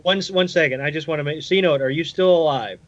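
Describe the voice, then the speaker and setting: A man's voice: a little high, a little fast, no echo. A man co-hosting a casual podcast chat, loosely recalling things with plenty of fillers. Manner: rambling recollection with fillers. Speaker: podcast co-host. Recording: dull lo-fi audio.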